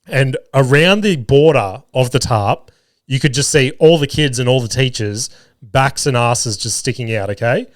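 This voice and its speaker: A man's voice: medium pitch, normal speed, dry recording, studio quality. A man in his thirties hosting a solo podcast, telling rambling family stories with lots of swearing and laughs. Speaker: podcast host. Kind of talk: casual solo podcast storytelling.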